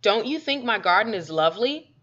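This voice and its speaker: A woman's voice: medium pitch, expressive, fairly quick, fairly bright tone. A woman voicing a genteel, touchy older woman neighbor with a sing-song manner. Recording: dull lo-fi recording.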